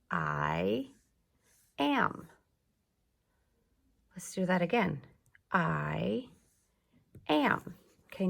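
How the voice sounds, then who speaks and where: A woman teacher leading an early reading lesson for young children, speaking slowly and clearly and drawing out her words. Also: on the low side. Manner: slow, clear teacher talk with drawn-out words.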